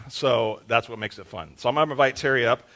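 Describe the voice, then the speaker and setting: A man's voice: mid-range voice, brisk, a bit bright. A man preaching a sermon as pastor in a church, in a casual, joking way with lots of fillers. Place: church sanctuary. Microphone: handheld microphone.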